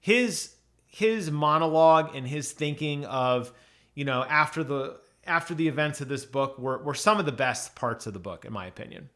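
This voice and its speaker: A man's voice: a little high, expressive, moderate pace, fairly bright tone. A man casually reviewing an audiobook on his channel, chatty, with many ums and restarts.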